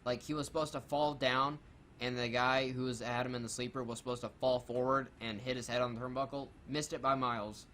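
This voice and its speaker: A man's voice: medium pitch, fairly even intonation, fairly quick, pushed and bright, a little hiss or hum. A man co-hosting a casual review of a wrestling show, reading his notes aloud, swearing freely and making sarcastic jokes. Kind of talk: casual, profane review commentary.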